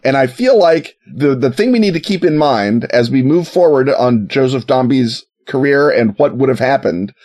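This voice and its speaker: A man's voice: medium pitch, expressive, moderate pace, hardly any pauses, a little mellow. A man co-hosting a podcast, telling a history story in a sarcastic, jokey way and putting on mock voices for the people in it. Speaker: podcast co-host. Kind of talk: casual comedic history chat.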